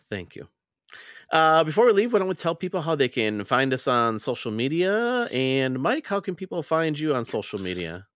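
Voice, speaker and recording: Male podcast host, casual and upbeat, animated pitch, dry close sound. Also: moderate pace, dry recording. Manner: upbeat, chatty sign-off with fillers.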